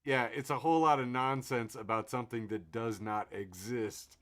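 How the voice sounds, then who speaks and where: A man's voice: mid-range voice, fairly even intonation, fairly bright tone. Chatty man rambling on a podcast. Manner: chatty, rambling, quick to laugh. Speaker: podcast co-host. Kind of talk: casual comedic chat.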